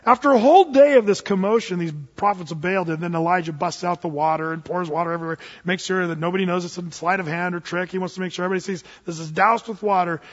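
Animated high-voiced male preacher. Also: fast, few pauses, in a large hall, dull audio. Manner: animated storyteller, swings from loud to hushed, jokes. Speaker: pastor. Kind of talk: sermon.

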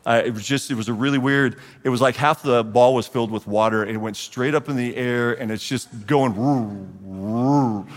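A man in his forties, a guest speaker at a church men's group, gives a storytelling testimony and acts out the dialogue with lively energy. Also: medium pitch, fast, few pauses. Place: church hall. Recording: long reverb of a large hall.

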